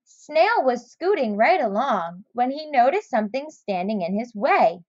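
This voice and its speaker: A woman reads a children's picture book aloud, gentle and expressive, her pitch moving a lot. She speaks slowly and clearly, in a dry, slightly lo-fi recording. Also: dry recording. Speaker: narrator. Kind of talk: storybook read-aloud.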